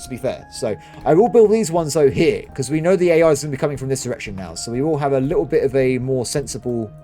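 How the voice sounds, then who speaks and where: A man giving excitable game commentary, talking to himself and his viewers as he plays. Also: on the high side. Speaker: gaming channel host.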